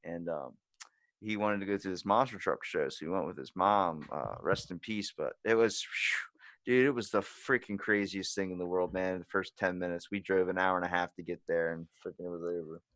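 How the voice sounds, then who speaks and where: A man's voice: deep voice, moderate pace, no echo. Rowdy young man telling a story. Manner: animated, swearing storyteller who does voices. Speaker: podcast host. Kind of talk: casual podcast chat.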